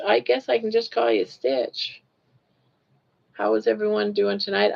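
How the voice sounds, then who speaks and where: Older woman with a gravelly voice, chatting. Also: on the high side, steady tone, normal speed. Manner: rambling, chatty, greets viewers, laughs easily. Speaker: livestream host. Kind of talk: casual chat while crocheting on a livestream. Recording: lo-fi livestream audio.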